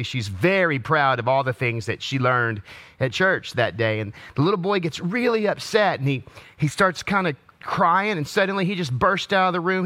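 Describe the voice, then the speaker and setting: A man's voice: on the high side, pushed and bright. A male pastor giving an online Palm Sunday sermon in a conversational, joking way with frequent restarts. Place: empty church or studio.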